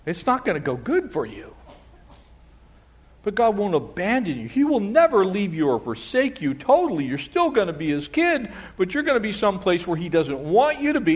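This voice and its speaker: A pastor preaching a sermon in an animated way, slipping into quoted voices and playful asides. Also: male voice, sits high, moderate pace.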